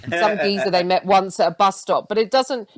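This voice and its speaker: A woman comedian, telling a halting, chatty bit on a studio panel show. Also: mid-range voice.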